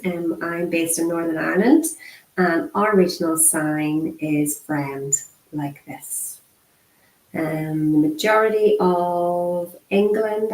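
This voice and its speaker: A woman voicing a beginner's sign language lesson, speaking slowly and repeating single words with pauses between them. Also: on the low side, darkish tone. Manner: frequent throat clearing and fillers. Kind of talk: interpreted beginner lesson, spoken aloud. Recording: roomy echo.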